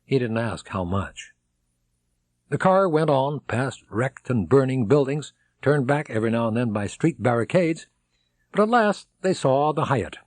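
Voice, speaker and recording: Dry, lively male audiobook narrator. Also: measured pace, dry recording. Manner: dramatic, shouts characters' lines high and loud. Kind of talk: audiobook reading with character voices.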